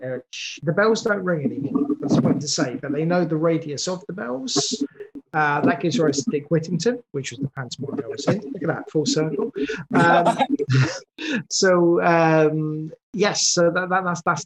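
A man's voice: on the high side, rough recording. A man, a guest producer of audio drama, chatting in an interview and often breaking off to restart his sentences. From England. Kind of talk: podcast interview.

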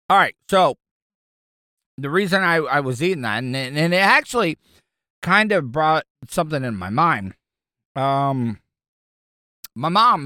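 A man's voice: on the high side, pushed and bright, no echo, studio quality. A man hosting a solo podcast, rambling with stammering restarts and crude jokes. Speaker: podcast host. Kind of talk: casual solo monologue.

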